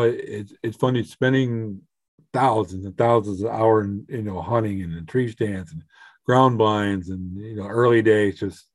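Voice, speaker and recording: A man's voice: lowish voice, darkish tone, dry recording. A retired older man from upstate New York, a podcast guest, telling hunting stories in a rambling way with many fillers. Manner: rambling, frequent fillers and restarts. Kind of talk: casual storytelling.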